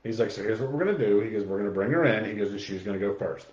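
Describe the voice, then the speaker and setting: A man's voice: lowish voice, lively intonation, very fast, darkish tone. A man chatting on a home podcast, wandering from one story to the next. His voice bounces around a roomy space, and the sound is dull and lo-fi. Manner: rambling storyteller. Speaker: podcast co-host. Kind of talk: casual chat. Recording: echoey room, dull lo-fi sound.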